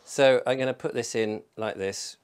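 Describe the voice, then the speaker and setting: A man's voice: mid-range voice, steady tone, moderate pace, clean tone. A man from England chatting casually through a home cooking vlog, thinking aloud and making fun of himself. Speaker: vlogger. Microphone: microphone in a room.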